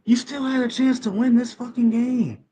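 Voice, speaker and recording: A man co-hosting a casual sports podcast, talking in an animated, slangy way with emphatic swearing. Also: extremely high pitch, moderate pace. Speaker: podcast co-host.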